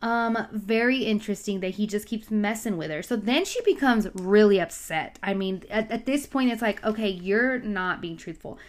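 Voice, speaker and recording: A woman's voice: medium pitch, moderate pace, hardly any pauses. A woman casually retelling a Bible story, chatty and full of side comments and asides.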